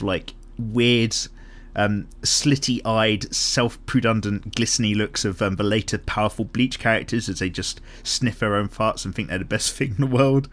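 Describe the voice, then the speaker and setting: A man hosts a casual art chat, reading viewer comments aloud in a rambling, self-deprecating way with frequent ums. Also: on the low side. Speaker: art channel host.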